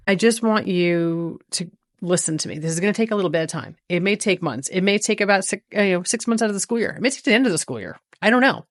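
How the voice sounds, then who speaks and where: A woman's voice: medium pitch, lively intonation, fast talker, no room sound. A woman vlogging in a casual storytelling monologue, animatedly acting out both sides of a conversation she had.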